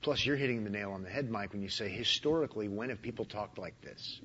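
A man speaking bluntly in a conversational interview, with dry humor and thoughtful pauses. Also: medium pitch, expressive, muffled recording, a little hiss or hum.

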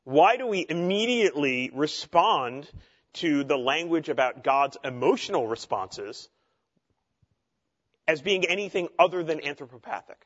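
A man's voice: on the high side, lively intonation, measured pace, fairly bright tone, highs cut off. A man teaching a theology class in a conversational way, with frequent fillers and asides.

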